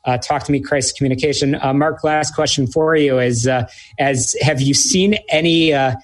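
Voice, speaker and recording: A man's voice: mid-range voice, fairly even intonation, moderate pace. A male business show host running a radio interview in a conversational way, with frequent filler hesitations.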